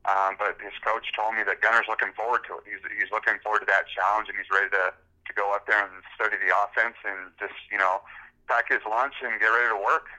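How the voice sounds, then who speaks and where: A man, a recruiting reporter, talking as a podcast guest, halting with many fillers and repeated words. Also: on the low side, fairly even intonation, pushed and bright, rough recording. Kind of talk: casual interview talk.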